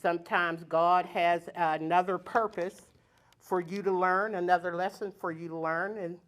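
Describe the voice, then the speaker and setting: An older woman telling a personal story on stage, plain-spoken and lively, chuckling as she goes. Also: lowish voice, moderate pace. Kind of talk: personal storytelling before a live audience. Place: community center stage.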